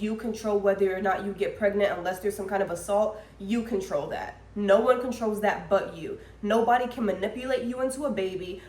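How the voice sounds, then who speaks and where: A chatty young woman vlogger from the United States, talking straight to her viewers in a fairly high voice. She tells her story in an animated way, peppered with fillers, and her voice rings in an echoey room. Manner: chatty, animated, lots of "like" and "y'all". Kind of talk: casual storytelling to camera.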